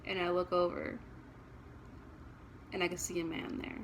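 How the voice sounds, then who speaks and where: A woman's voice: on the low side, big pitch swings, moderate pace, gravelly, a little hiss or hum, rough recording. A woman vlogger telling a personal story in a casual, blunt and emotional way.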